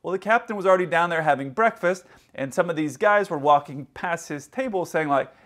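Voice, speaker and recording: A middle-aged man with a fairly high voice tells work stories as an airline pilot. He talks loosely and casually, with restarts and quoted dialogue, like an easygoing vlog. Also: fairly quick. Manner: relaxed, rambling, with frequent restarts and quoted dialogue.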